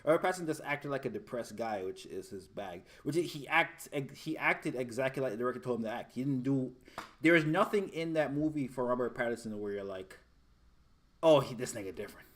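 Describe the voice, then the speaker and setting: A man's voice: mid-range voice, expressive, brisk, fairly bright tone. A young man in a casual argument, talking bluntly with plenty of swearing. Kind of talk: casual chat.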